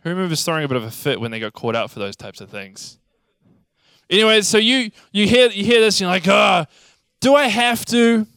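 Animated man preaching. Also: high voice, fast talker, clean tone, no echo, clean studio sound. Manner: animated storytelling, acts out childhood scenes. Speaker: pastor. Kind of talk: sermon.

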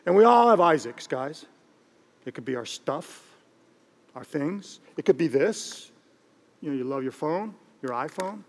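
A middle-aged man, a pastor, preaching a sermon in an animated, joking way and repeating phrases for emphasis. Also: on the high side, a little slow, long pauses. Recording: long reverb of a large hall.

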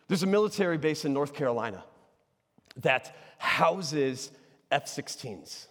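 High-pitched preacher in an echoing hall. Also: male voice, lively intonation, unhurried. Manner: swings from shouting to soft, near-whispered asides; self-deprecating, humorous. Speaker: pastor. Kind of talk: energetic sermon. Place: church sanctuary.

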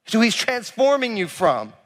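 A man preaching a sermon as a pastor, animated and conversational, acting out the people in the story with casual asides. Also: high voice, normal speed, long reverb tail. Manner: animated, acts out biblical figures with casual asides.

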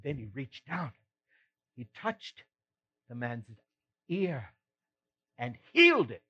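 Speaking slowly in a medium-pitched, husky, exaggerated voice with huge pitch swings and a bright, forceful tone, a man portrays the apostle Peter. This adult Peter is earnest, remorseful, and self-reproaching, retelling his failings in an emotional monologue with sighs and rueful laughs. The recording sounds slightly muffled.

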